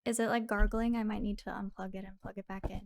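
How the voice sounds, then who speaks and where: Woman streamer, gravelly fry, hesitant casual talk, light laughs. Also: medium pitch, little pitch movement, fast talker. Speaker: streamer being coached.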